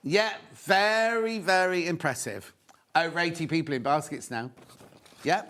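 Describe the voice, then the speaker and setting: Give me a chatty male TV shopping host with a slightly high voice. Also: unhurried. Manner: chatty and excitable, full of asides and sales counts. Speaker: shopping channel presenter. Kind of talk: live TV shopping presentation. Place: TV studio.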